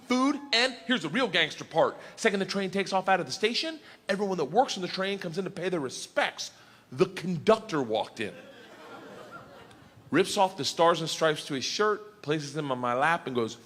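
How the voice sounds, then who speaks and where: A man telling a stand-up story on stage, bursting into shouted punchlines, recorded live in a comedy club. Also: fairly high pitch, sing-song, brisk, a little hiss or hum. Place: comedy club stage before a laughing audience. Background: audience laughter.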